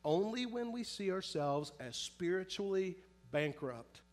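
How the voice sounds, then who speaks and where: A man preaching a sermon in earnest, pressing hard on some phrases and drawing others out softly and slowly, often asking his listeners direct questions. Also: high voice, big pitch swings. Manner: earnest preaching, shifts between loud emphasis and soft, slow, drawn-out phrases. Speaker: pastor.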